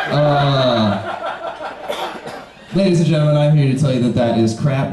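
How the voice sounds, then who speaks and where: A man in his twenties from Kentucky doing a live stand-up set with dry, deadpan one-liners and sarcastic pauses. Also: mid-range voice. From Kentucky, USA. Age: 20s. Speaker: stand-up comedian. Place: bar pavilion on stage. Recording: very echoey live room.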